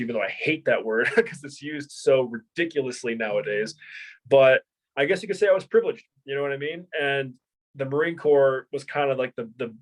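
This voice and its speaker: A man's voice: medium pitch, poor audio. A young man, a martial arts instructor, talking casually in an interview and telling stories with lots of repeats and restarts. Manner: animated storyteller, many repeats and restarts.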